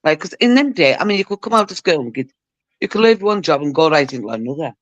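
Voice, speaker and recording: A man's voice: a little high, big pitch swings, fast talker, a bit bright, dry recording. A man hosting a live stream, chatting casually, teasing and swearing a lot. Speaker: livestream host. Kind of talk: casual chat. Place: live stream group call.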